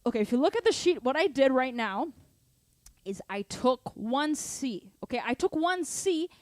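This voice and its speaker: High-voiced woman teaching drums. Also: lively intonation, normal speed, dry recording, studio quality. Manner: counts beats aloud over the drums, loud and high. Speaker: drum teacher. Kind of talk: live online drum lesson. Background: drum kit playing.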